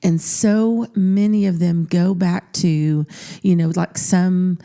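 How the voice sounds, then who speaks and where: A woman's voice: fairly low pitch, steady tone, takes it slowly, dark tone. A middle-aged woman co-hosting a marriage podcast, talking in an earnest, reflective way with lots of "you know" fillers. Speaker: podcast co-host. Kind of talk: casual conversation.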